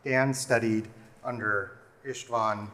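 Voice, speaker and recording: A man moderating a panel, introducing the next speaker in a measured, hesitant way. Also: medium pitch, fairly even intonation, pushed and bright. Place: lecture hall. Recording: long hall reverb, faint noise.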